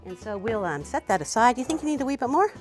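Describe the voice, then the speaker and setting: A woman leads a cooking demonstration in a chatty, encouraging way, often saying "wee" and "you know". Her voice sits fairly high and swoops up and down a great deal, with soft music faint in the background. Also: very animated, fast talker. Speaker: cooking teacher and show host.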